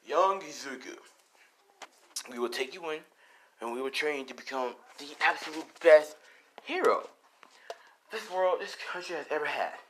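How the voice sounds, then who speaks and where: A man voicing a stern old male leader of a secret group, speaking gravely and formally. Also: on the high side, animated, normal speed, pauses often, slight background noise, lightly acted, low-quality recording.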